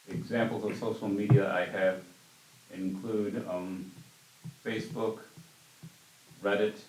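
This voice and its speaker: A man's voice: on the low side, darkish tone, a little hiss or hum. A man guesting on a casual podcast, stumbling and repeating words. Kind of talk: casual group chat. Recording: distant echoey room.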